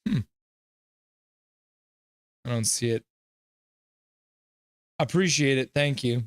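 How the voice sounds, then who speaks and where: Calling the game play by play and reading out messages from chat, this man hosts a rambling, casual livestream. He talks slowly at a medium pitch with a clean tone, and the recording is clean studio audio with no room sound.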